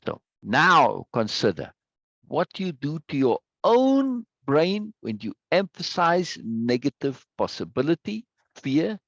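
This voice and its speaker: A man's voice: a little high, big pitch swings, takes it slowly, vocal fry, fairly bright tone, dry recording, muffled recording. A man teaching an online self-help course in a conversational way, talking over a video call and repeating key words for emphasis. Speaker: course instructor. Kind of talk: recorded online lesson. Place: indoors at a computer. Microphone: webcam over video call.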